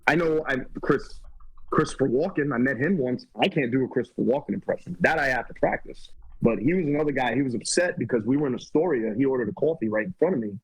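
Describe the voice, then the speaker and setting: A man's voice: mid-range voice, quick pace, breathy edge, no echo, rough recording. A man, a comedian guest, chatting casually and telling rambling, profane stories. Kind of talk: casual podcast chat.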